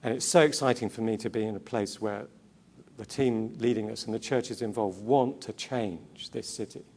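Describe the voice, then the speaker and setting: Speaking to a Christian audience at a conference, this man has a lowish, slightly mellow voice. His sermon-like talk is earnest, full of rhetorical questions and repeated words, with fast asides and moments where he corrects himself.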